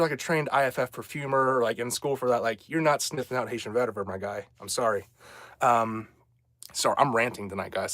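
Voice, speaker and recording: A man's voice: medium pitch, dry recording, clean studio sound. A young man hosting a casual livestream, rambling and chatting as he answers viewer comments. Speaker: livestream host.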